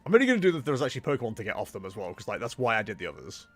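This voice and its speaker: A man's voice: fairly low pitch, very animated, rapid-fire, soft background music. A man streaming a game, making exasperated, joking asides between the dialogue. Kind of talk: casual gameplay commentary.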